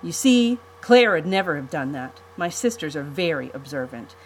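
A woman's voice: low-pitched, sing-song, normal speed, slight background noise, low-quality recording. A woman reading a storybook aloud, voicing an anxious young boy who pilots an airship, protesting and pleading.

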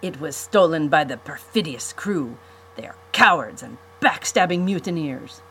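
A woman's voice: low voice, lively intonation, moderate pace, fairly bright tone, a little hiss or hum, low-quality recording. A woman putting on a scornful villainous count. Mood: commanding. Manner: commanding, scornful. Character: domineering villainous count, adult man, harsh.

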